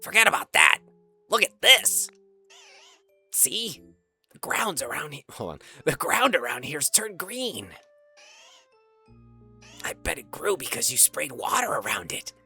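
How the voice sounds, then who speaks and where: Man putting on a bouncy game Squirtle, husky and gravelly, easily excited. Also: on the high side, a little slow, long pauses, soft background music, exaggerated voice. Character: cheerful young male Squirtle, sleepy and excitable.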